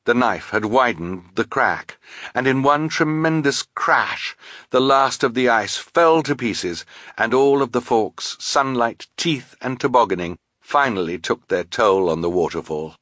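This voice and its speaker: A man reading a children's novel aloud in a measured storytelling manner. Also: mid-range voice, expressive, a bit bright, no echo, studio quality. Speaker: audiobook narrator. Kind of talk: scripted narration.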